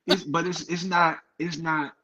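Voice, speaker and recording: A man's voice: fairly high pitch, a little slow, slight background noise. A man from Cleveland telling profane stories in casual chat, acting out the people he quotes. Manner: animated storyteller, profane, acts out quoted people. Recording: dull lo-fi sound.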